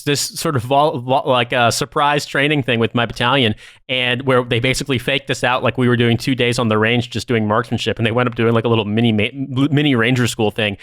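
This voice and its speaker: A man's voice: mid-range voice, a bit bright, dry recording, clean studio sound. Heated, profane male podcast co-host. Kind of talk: casual podcast chat.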